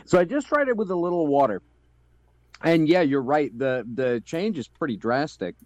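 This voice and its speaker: A man's voice: fairly high pitch, lively intonation, normal speed, a little mellow, no echo. Easygoing man, dry close sound. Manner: easygoing, hesitant fillers. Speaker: podcast co-host. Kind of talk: casual chat.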